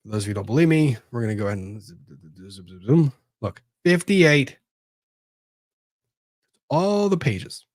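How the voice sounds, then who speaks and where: A man's voice: medium pitch, sing-song, normal speed, long pauses, no room sound, studio quality. A man hosting casual legal commentary, talking to himself as he hunts for documents and rambles on. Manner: rambling, talks to himself while searching documents. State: disorganized after moving.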